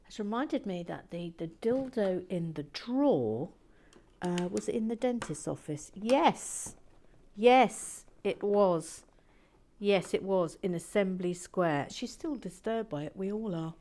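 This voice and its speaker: A woman hosting a relaxed brick-building video, soft-spoken and playful with dry asides that drift into whispers. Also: mid-range voice, slow, slight background noise. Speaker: host building toy brick sets.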